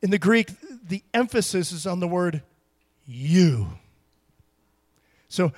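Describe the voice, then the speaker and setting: Middle-aged male pastor, light high voice, chatty sermon delivery with acted-out quotes. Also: normal speed. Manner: conversational, animated, acts out quotes with emphasis.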